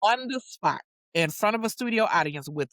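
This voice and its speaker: A woman guest, a singer-songwriter, tells a story in casual, slangy talk, animatedly acting out what people said. Her mid-range voice moves at a moderate pace, with no echo.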